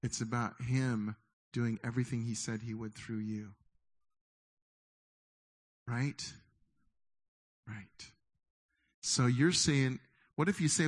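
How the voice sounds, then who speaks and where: A middle-aged man preaching a sermon, lively and conversational, often acting out the doubting voices of his listeners. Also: medium pitch, slow pace, long pauses. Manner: animated, acts out inner voices of listeners. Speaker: pastor.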